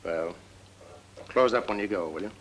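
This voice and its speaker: An actor playing a steady man who warns a colleague in a blunt, matter-of-fact 1940s film style. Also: sits low, normal speed, background noise.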